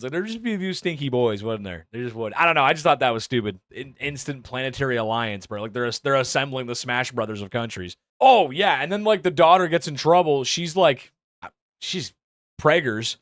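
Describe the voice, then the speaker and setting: A man's voice: medium pitch, lively intonation, a little fast, fairly bright tone, no room sound, studio quality. A man ranting casually about a movie he disliked, rambling with lots of filler, swearing and sarcasm. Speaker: movie reviewer. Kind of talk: casual movie review rant.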